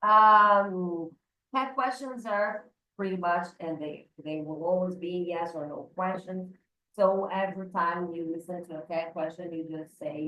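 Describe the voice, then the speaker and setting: A woman teaches an English lesson in a lowish voice, stopping and restarting as she explains. She sits back from the mic in an echoey room. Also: steady tone, slow, recorded from a distance, highs cut off. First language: Portuguese. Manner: hesitant, many fillers and restarts. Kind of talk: online class explanation.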